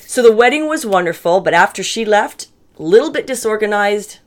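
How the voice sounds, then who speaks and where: A woman's voice: mid-range voice, lively intonation, a little fast. A middle-aged woman telling a personal story in a candid, chatty way, often restarting her sentences. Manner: chatty and candid, self-described bossy, frequent restarts.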